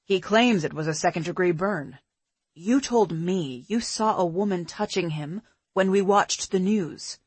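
A woman narrator voicing a calm, caring adult man in an audiobook, speaking steadily and methodically. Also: fairly low pitch, a little slow, breathy edge, no echo, voice pushed down. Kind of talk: audiobook character voice.

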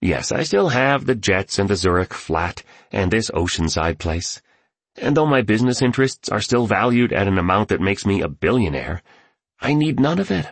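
A man voicing an exuberant, eccentric male billionaire mentor who gushes loudly. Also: on the low side, very animated, moderate pace, slightly rough, no room sound, full character voice. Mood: earnest. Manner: loud, gushing.

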